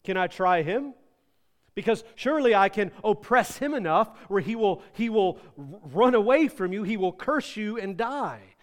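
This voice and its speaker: Preacher as a scheming, wheedling male devil, fairly high voice, hall echo. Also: animated, normal speed. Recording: reverberant hall.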